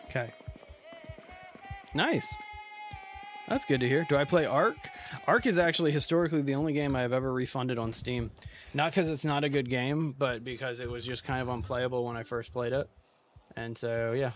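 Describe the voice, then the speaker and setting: A man's voice: mid-range voice, normal speed, long pauses, faint music behind. Chatty male game streamer. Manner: chatty, talks to chat while playing. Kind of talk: casual live gameplay commentary.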